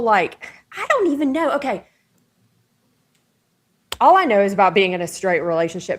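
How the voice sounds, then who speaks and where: Animated woman giving emphatic commentary. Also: fairly high pitch. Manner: emphatic, animated, hedging with "allegedly". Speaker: commentary host. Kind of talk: casual opinion commentary.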